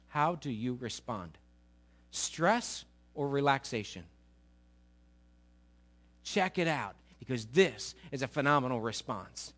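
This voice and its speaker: A man preaching a sermon, conversational and animated, often asking his listeners questions. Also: medium pitch, slow pace, long pauses. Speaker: pastor.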